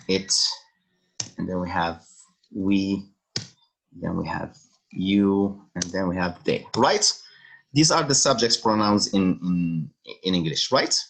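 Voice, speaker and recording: A man's voice: sits low, vocal fry, a little hiss or hum. A male French teacher giving an online language lesson over a video call, patiently repeating phrases.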